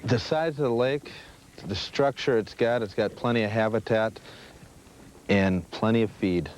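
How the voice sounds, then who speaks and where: A man's voice: on the low side, unhurried. A man explaining fishing patterns from a boat in a plain, matter-of-fact way. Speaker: local fishing guide. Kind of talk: casual on-the-water fishing chat. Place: outdoors on a boat on a lake. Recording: 1980s VHS field audio with light noise.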